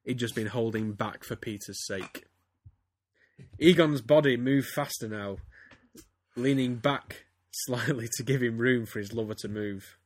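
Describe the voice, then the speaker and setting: A man's voice: medium pitch, measured pace, no echo. Man doing a comic dramatic reading. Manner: reads theatrically, breaks into laughter. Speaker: podcast host.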